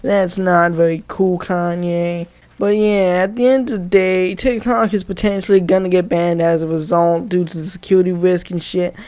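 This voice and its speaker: A man's voice: high voice, flat delivery, normal speed, a little mellow, clear, resonant tone. A young man giving a comedic rant commentary, swearing and sarcastic throughout. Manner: profane, sarcastic ranting. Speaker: YouTuber.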